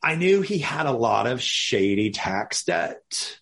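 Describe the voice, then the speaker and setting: Animated, slightly husky man telling a story. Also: medium pitch. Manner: animated, quick to act out voices. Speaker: business founder telling his story. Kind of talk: casual storytelling.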